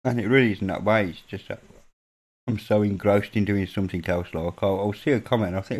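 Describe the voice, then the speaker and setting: A man from northern England, with the accent to match, hosts a late-night livestream, rambling casually with viewers in British slang. His voice is fairly low and fairly even in intonation, and he talks a little fast.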